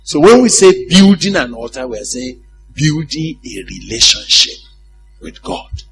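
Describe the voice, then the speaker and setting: A man's voice: on the high side, sing-song, unhurried, gravelly, fairly bright tone, soft background music. A male preacher giving a conversational sermon, often putting questions to his congregation and laughing at his own stories.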